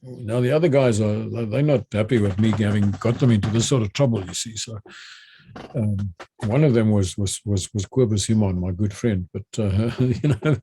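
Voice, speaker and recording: This older man speaks with a South African accent and a low-leaning voice at normal speed, over slight background noise. A retired army general, he relates an anecdote animatedly, full of restarts and repeated words.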